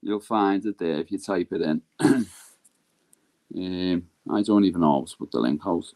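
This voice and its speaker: A man with a Scouse accent co-hosting a livestream, easygoing, chatting and giving shout-outs to viewers. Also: sits low, normal speed. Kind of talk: casual livestream chat.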